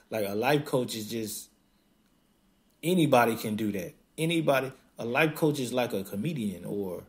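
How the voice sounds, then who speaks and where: A man with a somewhat low voice talks straight into a podcast mic. He is blunt and emphatic and laughs often, slipping into quick mocking impressions of other people. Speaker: podcast host. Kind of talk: casual podcast monologue.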